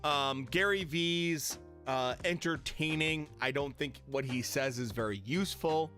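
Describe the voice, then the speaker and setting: A man's voice: a little high, unhurried, bright, forceful tone, soft background music. A man chatting casually on a live stream from his home setup, blunt and profane, getting riled up. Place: home streaming room with lit panel backdrop.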